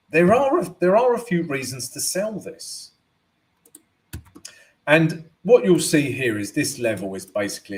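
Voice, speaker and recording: A man hosting a live forex analysis stream, chatty and tagging most points with "right?". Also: medium pitch. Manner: chatty, keeps adding "right?". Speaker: forex trading host.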